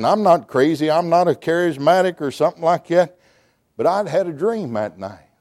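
With a high, ringing voice, a middle-aged preacher drives his sermon forward, moving from hushed storytelling to loud, emotional shouting. He stumbles over words and starts them again as he goes.

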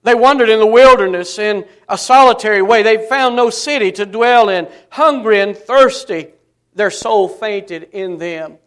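A man's voice: sits high, measured pace, a bit bright, clean tone. A man preaching a sermon as pastor, calling out to the congregation and breaking into song.

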